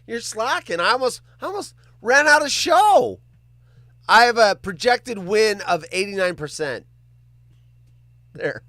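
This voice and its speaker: A man hosting a casual livestream, reading viewer comments out loud, joking around and swearing freely. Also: sits high, lively intonation, a little slow, long pauses, dry recording, studio quality. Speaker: livestream host.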